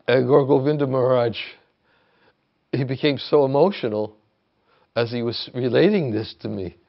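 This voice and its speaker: A man giving a reflective talk as a spiritual teacher, halting and restarting often, rising to emphasis as he retells a story. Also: medium pitch, gravelly, dull audio. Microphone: video call.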